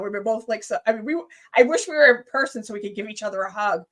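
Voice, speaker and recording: A woman, a guest on a live stream, chatting casually and telling a story with lively, acted-out quotes. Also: a little high, quick pace, hardly any pauses. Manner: animated storyteller, acts out her own screams and quotes.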